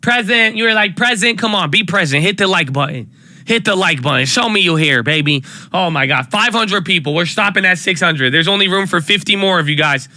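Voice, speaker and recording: A man's voice: on the high side, fairly quick, no room sound. A man hosting a live stock trading stream, talking casually and hyping up his viewers with repeated calls. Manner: hype, energetic, repeats phrases. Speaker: livestream stock trading host.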